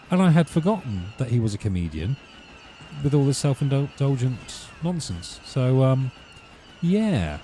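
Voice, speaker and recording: Male let's-play host, warm low voice, faint hiss behind, rambling ranty commentary. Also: big pitch swings, a little slow. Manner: ranting, wry asides.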